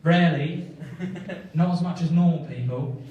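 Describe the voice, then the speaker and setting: A young man doing stand-up in a comedy club, his voice pitched a little high, with a dry, self-mocking delivery. He sounds picked up from a distance, in a very echoey room with faint noise from the crowd behind him. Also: moderate pace, dull audio. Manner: self-deprecating, deadpan asides. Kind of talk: stand-up set. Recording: echoey venue, mic heard from far.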